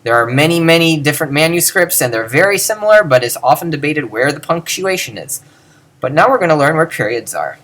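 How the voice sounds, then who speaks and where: A man's voice: on the high side, big pitch swings, fairly quick, fairly bright tone. A man giving an informal video lecture on Ancient Greek, thinking aloud and demonstrating pronunciations.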